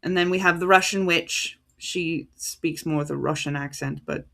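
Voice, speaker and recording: An American woman preaching a livestreamed sermon in a conversational, halting way, stopping to sort out names and titles as she reads them out. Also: deep voice, fairly even intonation, gravelly, fairly bright tone. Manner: conversational, halting, stops to reread cited titles.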